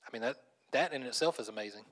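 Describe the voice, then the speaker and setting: Animated man preaching a casual sermon. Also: medium pitch, fast. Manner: animated, laughs often, restarts phrases. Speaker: pastor. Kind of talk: conversational sermon.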